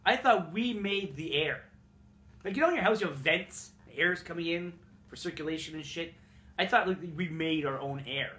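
A young male vlogger from Montreal, Canada speaks at a moderate pace in a fairly high, sharp-toned voice. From a room in his apartment, he rambles through comic childhood stories, cursing and teasing himself, and the sound is roomy.

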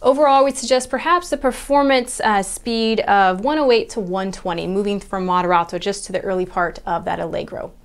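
A woman's voice: medium pitch, a little fast, hardly any pauses, clean tone. A woman piano teacher explaining rhythm and theory step by step, patient and methodical, counting beats aloud at the piano. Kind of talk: step-by-step music lesson.

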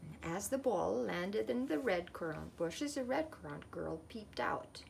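A woman reading a children's picture book aloud in a gentle, expressive way. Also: medium pitch, unhurried, gravelly, slight background noise. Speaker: storyteller.

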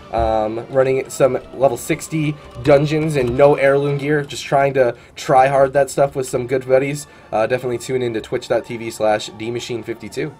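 A man's voice: medium pitch, darkish tone. A man casting a live esports tournament and chatting between matches in an upbeat, chatty way full of "uh" and "man". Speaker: tournament caster and streamer.

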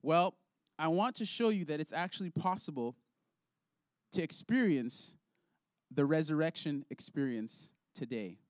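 A man's voice: fairly high pitch, lively intonation, a little slow, dry recording, clean studio sound. A man leading an object lesson for kids in a children's ministry, upbeat and playful, laughing often.

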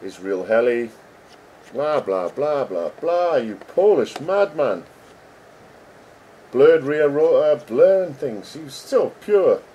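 A man's voice: mid-range voice, very animated, slow pace, dark tone, dull audio, a little hiss or hum. A middle-aged man, a game developer chatting casually and joking as he reads code names aloud. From England. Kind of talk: casual commentary while reading code.

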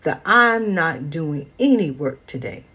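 A woman's voice: low voice, sing-song, slow pace, fairly bright tone, husky, exaggerated voice. A woman voicing a stubborn, grumpy old talking mule in a storybook, snappish and defiant.

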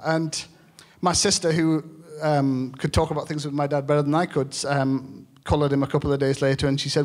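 A man from England's Lake District, an author speaking on stage at a live event, talking in an earnest, halting way with many fillers. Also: fairly high pitch, flat delivery. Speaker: author and shepherd guest speaker. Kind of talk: public talk with reading and Q&A.

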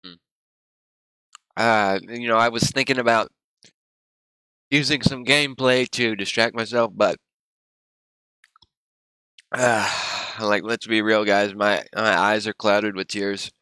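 Low slow guy streaming, hurting and teary, groaning, bright clear voice, dry sound. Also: steady tone, no echo. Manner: rambling, groaning and gasping from spicy heat. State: in pain, teary, nose running. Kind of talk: casual livestream chat.

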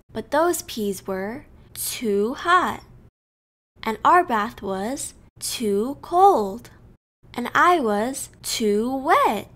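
A woman reading a children's picture book aloud, slow and expressive, telling it in a child's first-person voice. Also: on the high side. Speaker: storyteller. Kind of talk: children's storybook read-aloud.

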